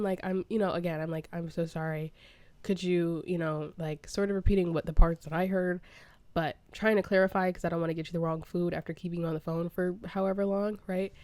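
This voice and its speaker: A young woman vlogging at home, telling a story as she plays a building game. She talks in a chatty, animated way and laughs often. Her voice sits in a middle register and sounds dry and close. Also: medium pitch, no room sound. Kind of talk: casual storytime while playing a building game.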